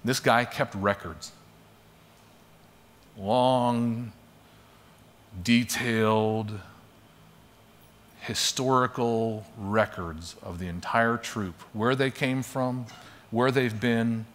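A man's voice: mid-range voice, steady tone, very slow, pauses often, a bit bright. Guy telling a parable in class, chatty storyteller, mid voice, long hall echo. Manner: conversational storyteller, acts out quotes. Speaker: teacher. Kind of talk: teaching with storytelling.

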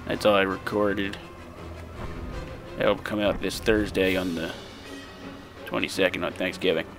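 A young let's play host casually commentates his gameplay, excitable, profane, and laughing often, into a desk microphone. His voice is deep, gravelly, and unhurried, with music playing in the background.

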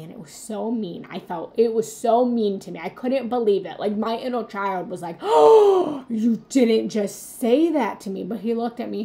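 Earnest woman with a gravelly edge. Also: mid-range voice, dark tone. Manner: earnest, confessional, addresses viewers directly. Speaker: spiritual coach hosting a live stream. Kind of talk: live motivational talk.

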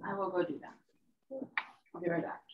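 A woman's voice: lowish voice, fairly even intonation, normal speed. A woman joining a casual virtual wine tasting, chatting playfully with friends over a video call. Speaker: tasting participant. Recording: echoey, dull call audio with crowd noise.

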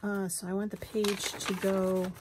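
Slow, chatty woman crafting at home. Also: medium pitch, little pitch movement, background noise. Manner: chatty, rambling, self-mocking with frequent laughs. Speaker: journaling crafter. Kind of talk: casual crafting vlog chat.

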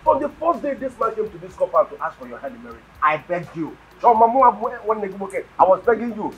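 A man's voice: sits high, fast, lo-fi sound, soft background music. An actor with a Nigerian accent playing an impatient young man desperate to travel abroad, pleading and stammering. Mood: resentful. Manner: excitable, pleading, stammering repetitions. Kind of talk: film drama acting.

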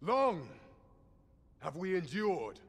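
Royal herald, high husky voice, swooping declamation, long reverb. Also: male voice, big pitch swings, drawn-out words, full character voice. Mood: proclaiming. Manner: declamatory, ceremonious old-fashioned speech. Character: grand male royal herald proclaiming to a crowd. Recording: long reverb with game music behind.

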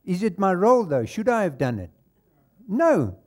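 Speaking at a normal speed in a high, sing-song voice with a darkish tone, this South African pastor delivers a church sermon. He spins stories and chuckles at his own tales.

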